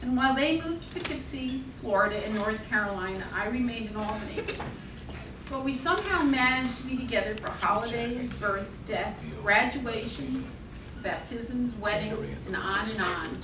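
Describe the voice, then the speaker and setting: A woman's voice: fairly high pitch, lively intonation. Heartfelt older woman giving a toast. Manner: heartfelt, measured, reading prepared remarks. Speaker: maid of honor giving a toast. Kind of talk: anniversary toast speech. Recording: echoey distant room, background noise.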